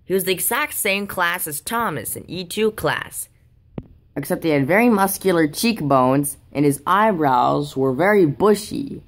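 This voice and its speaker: A woman narrating a homemade toy train story softly, with small restarts. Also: fairly low pitch, animated, a little slow.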